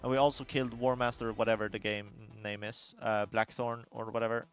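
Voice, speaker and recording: A man's voice: fairly low pitch, level tone, a little fast. A man chatting casually on a livestream, telling a rambling story with many fillers. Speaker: raider on a livestream. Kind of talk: casual chat.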